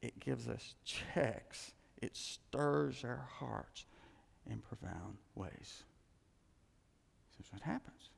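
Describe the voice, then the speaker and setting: A man's voice: medium pitch, extremely slow, vocal fry, breathy edge. Man preaching in a reverberant hall. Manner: animated, repeats phrases, acts out quoted thoughts. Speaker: pastor. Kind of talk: sermon.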